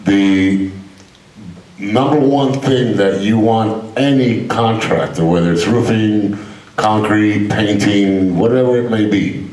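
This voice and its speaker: A man's voice: on the low side, slow, darkish tone. A man, a construction contractor, giving plain practical advice on a panel. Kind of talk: panel presentation. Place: meeting hall. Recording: echoey hall, voice from far off.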